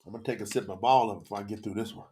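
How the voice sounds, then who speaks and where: On a live stream, an emotional, teary man teaches scripture while sweating, preachily calling out to chat viewers. His fairly low, dark voice stays steady and runs very fast.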